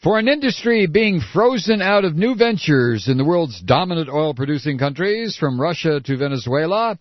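A man's voice: lively intonation, moderate pace, dry recording. Sarcastic man reading the news aloud. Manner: sarcastic, mocking asides; swings from shrill mock surprise to low muttering. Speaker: political commentary host. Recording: dry, dull lo-fi audio.

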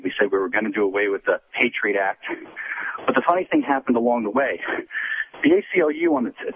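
A man's voice: mid-range voice, slight background noise. Man calling in on a tinny phone line. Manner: earnest, rushing through a political point. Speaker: caller. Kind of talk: phone-in to talk radio.

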